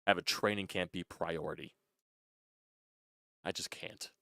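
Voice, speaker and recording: A young man vents in a loose, frustrated fan rant, restarting words and swearing as he goes. His voice sits very low. The recording is dry and close, with no room echo. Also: fairly even intonation, measured pace, vocal fry, a bit bright. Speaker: sports channel host.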